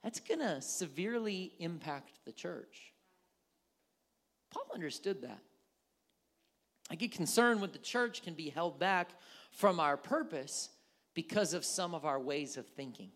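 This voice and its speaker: A man's voice: a little high, measured pace, long pauses. A man preaching a casual, conversational sermon as pastor, acting out little dialogues in changing tones. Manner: animated, acts out little dialogues with shifting tones.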